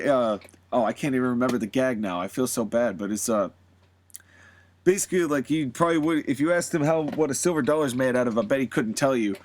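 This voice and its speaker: A man hosting a podcast, talking casually and at length, rambling with many fillers and frequent laughs. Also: medium pitch. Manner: rambling, animated, laughs often, lots of fillers. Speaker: podcast host. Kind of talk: casual solo commentary.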